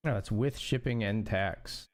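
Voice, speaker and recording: A man's voice: lowish voice, measured pace. A man casually chatting on a poker live stream, thinking aloud and second-guessing his own plays.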